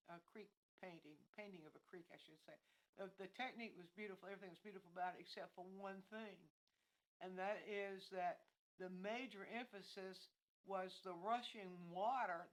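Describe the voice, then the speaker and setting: A woman teaching a painting class on a livestream. She explains in a wandering, unhurried way, stopping to restart her sentences as she works out each point. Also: mid-range voice, poor audio. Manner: meandering, thinking aloud with many restarts. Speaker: art instructor.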